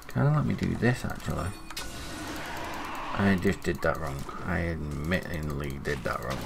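A young man chatting casually as he commentates his own online game, self-critical and excitable at times. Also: low voice, creaky, slight background noise. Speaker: gaming commentator.

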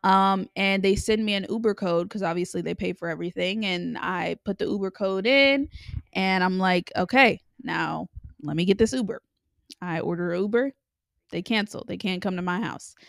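Young woman rambling through a story, kinda gravelly, dry close mic, lots of likes and ums. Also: mid-range voice, normal speed, no echo. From Los Angeles area. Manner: chatty and candid, with many filler likes and ums. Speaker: podcast host. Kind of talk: casual storytelling monologue.

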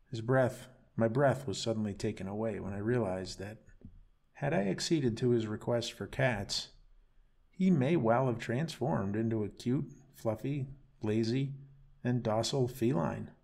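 A man reading his own dark bedtime story aloud in slow, somber narration. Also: medium pitch, vocal fry.

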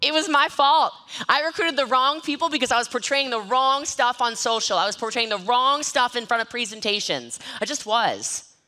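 Bright, energetic woman speaking on stage. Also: a little high, normal speed. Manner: energetic, joking, self-mocking. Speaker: network marketing trainer. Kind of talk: motivational stage talk. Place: event stage with live and online audience.

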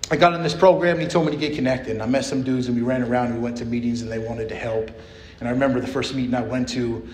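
A man's voice: medium pitch, slight background noise. A young man speaking at a recovery meeting, telling his story in a casual, streetwise way, full of "man" and "you know.". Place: meeting hall. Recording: echoey meeting room with faint ambience.

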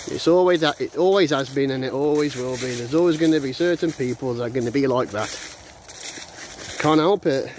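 A man's voice: a little high, a little mellow, a little hiss or hum. A man ranting bluntly and ramblingly in a casual monologue, with restarts and chuckles, while walking a dog through the countryside and recording on a phone held in his hand. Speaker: vlogger.

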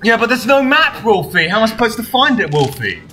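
A young man giving live gameplay commentary, his high voice swinging wildly as he swears and shouts at his teammates. The tone is bright and cutting. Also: brisk, a little hiss or hum. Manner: excitable, swearing, yelling at teammates. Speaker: streamer.

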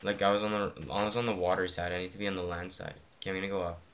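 Give me a young man co-hosting a casual gameplay chat, bright and excitable, joking with a friend. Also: low voice, very fast. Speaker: gaming channel co-host.

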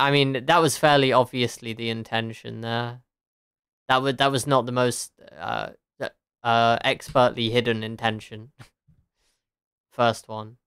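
Smooth-voiced woman streaming a game. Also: extremely low pitch, a bit bright, no room sound, studio quality. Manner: chatty, laughs often, swears, answers chat. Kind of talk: casual live-stream chat.

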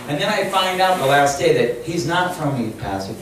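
An older man giving a storytelling sermon as a camp chapel speaker, animated and laughing as he acts out quoted lines. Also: fairly high pitch, brisk. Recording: echoey hall, distant mic, noisy.

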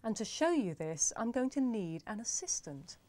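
Woman teaching pronunciation, lively pitch. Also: a little hiss or hum. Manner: clear, deliberate, playful. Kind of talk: scripted pronunciation lesson.

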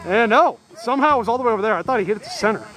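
A man vlogging from an outdoor softball game, excitedly calling plays, laughing and yelling. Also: sits high, rapid-fire, slight background noise. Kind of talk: excited play-by-play vlog chat.

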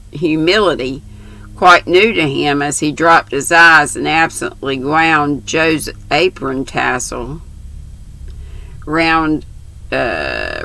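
An older woman reading a novel aloud, slow and unhurried, stopping to correct herself and mutter asides. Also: low-pitched, creaky, pushed and bright, low-quality recording. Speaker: channel host reading aloud.

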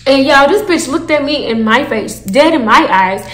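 A young woman telling a storytime to her viewers, animated and profane, calling them y'all. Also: sits high, normal speed, echoey room. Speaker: storytime vlogger. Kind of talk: casual storytime.

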